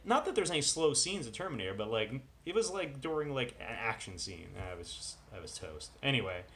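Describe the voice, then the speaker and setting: A man's voice: mid-range voice, fairly bright tone. Rambling, self-mocking male vlogger. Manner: rambling, self-deprecating asides. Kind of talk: casual chat. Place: at home with dogs.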